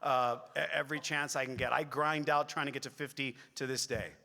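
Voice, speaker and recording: A middle-aged man, a voice actor on a convention panel, telling rambling, excitable stories to the audience with many restarts and asides. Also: medium pitch, brisk, gravelly. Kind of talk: animated storytelling on a convention stage. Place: large convention hall. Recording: echoey hall with long reverb.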